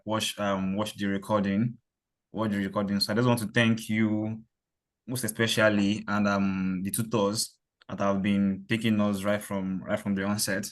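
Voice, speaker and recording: A man's voice: fairly low pitch, fairly bright tone. A man, a student in a master's program, giving hesitant feedback on a course with many fillers and restarts. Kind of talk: casual thanks and feedback.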